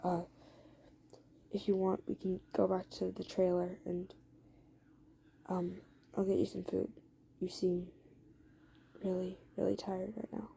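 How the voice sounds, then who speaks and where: A woman voicing a gentle, protective teenage boy who quietly reassures a friend in a hushed, soft tone. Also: on the low side, monotone, a little slow, gravelly, long pauses, husky, exaggerated voice, rough recording.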